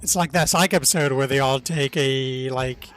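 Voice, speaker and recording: A man's voice: medium pitch, normal speed, fairly bright tone. A young man chatting casually while streaming a game, dropping dry, teasing remarks. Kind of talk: casual chat while gaming.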